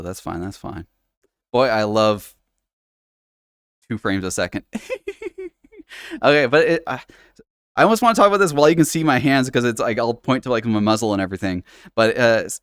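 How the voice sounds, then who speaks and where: A man's voice: fairly low pitch, no echo, clean studio sound. A man chatting casually on a live stream in virtual reality, rambling with lots of fillers and restarts, laughing often and swearing casually. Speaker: livestreamer. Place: home setup playing in virtual reality.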